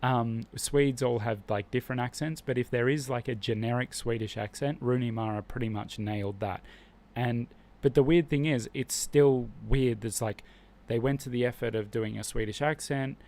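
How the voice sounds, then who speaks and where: A man's voice: mid-range voice, normal speed, hardly any pauses, a little mellow. Opinionated man chatting on a stream. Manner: opinionated, rambling with frequent restarts. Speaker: live-stream host. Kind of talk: casual live-stream chat.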